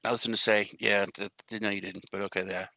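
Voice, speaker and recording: A man's voice: fairly low pitch, little pitch movement, fast, vocal fry, pushed and bright, dry recording, rough recording. Rambling jokey male crypto streamer. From US Central Time Zone. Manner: rambling, jokey, self-deprecating. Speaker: crypto show host. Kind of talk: casual live-stream chat.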